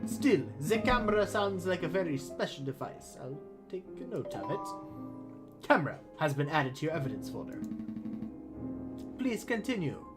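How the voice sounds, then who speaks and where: A streamer voicing a polite, formal lawyer who speaks in a lower, measured way, in a story game with guitar music behind. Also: sing-song, close to an everyday voice.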